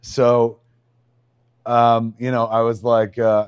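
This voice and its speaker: Profane, excitable man telling stories. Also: mid-range voice, slow, pauses often, clear, resonant tone, no room sound. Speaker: podcast co-host. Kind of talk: casual chat, storytelling.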